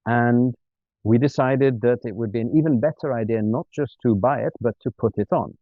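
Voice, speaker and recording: A man, an interview guest, telling a funny travel story in a lively, self-mocking way and acting out the dialogue. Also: medium pitch, a little fast, dry recording. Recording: dry, tinny phone-like sound.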